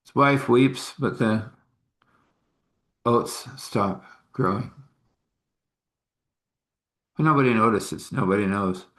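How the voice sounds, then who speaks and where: Male storyteller, low-voiced, relaxed and folksy, dropping chuckling asides. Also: slow pace, long pauses. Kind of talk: casual spoken storytelling.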